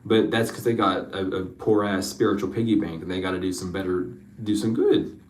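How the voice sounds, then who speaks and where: A man's voice: low-pitched, steady tone, a little fast, reverberant, distant mic, poor audio. A man giving an emotional spiritual reading, rambling, repeating his questions and swearing freely. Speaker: spiritual card reader.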